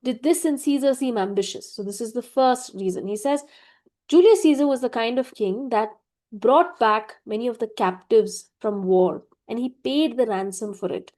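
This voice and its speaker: A woman's voice: a little high, moderate pace, darkish tone. A woman teacher giving a literature lecture, reading quoted lines and explaining them, with frequent "right?" check-ins to her students. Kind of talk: classroom lecture.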